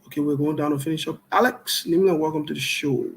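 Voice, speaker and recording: In a rough recording, a call-in talk show host with a fairly high, fry-tinged male voice greets callers by name one after another, then moves into political commentary. His delivery is slow and deliberate, with joking asides.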